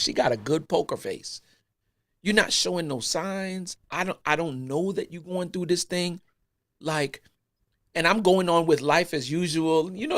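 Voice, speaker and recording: A man's voice: fairly high pitch, no room sound. Earnest storytelling man, dry close sound. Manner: earnest storytelling with casual slang. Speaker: podcast co-host. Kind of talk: casual chat.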